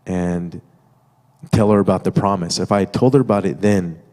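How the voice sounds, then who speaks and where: This guest speaker, sharing a testimony with his wife, talks to the congregation in a relaxed, conversational manner full of fillers and asides. His voice is deep, steady and a little mellow at a normal pace, and the reverberant church sanctuary echoes around him.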